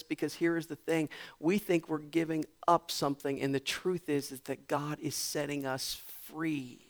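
A male pastor delivers a sermon in a somewhat raised, gravelly voice. He sinks into hushed, almost whispered passages, then stacks repeated phrases into loud, rising crescendos. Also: fairly high pitch, level tone, normal speed. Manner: repetitive emphatic build-ups.

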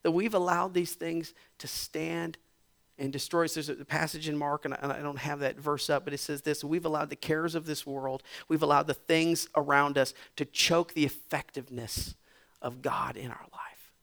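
A man preaching a sermon as pastor, dropping to hushed near-whispers and then building to loud, repetitive, emphatic climaxes. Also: a little high, steady tone, moderate pace, gravelly.

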